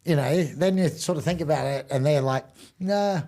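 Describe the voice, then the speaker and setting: Aussie guy guesting on a podcast, gravelly, rambly, keeps restarting, chill. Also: on the high side, a little fast. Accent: Australian. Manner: rambling, restarts sentences, relaxed storytelling. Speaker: guest, rugby league coach. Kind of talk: casual chat.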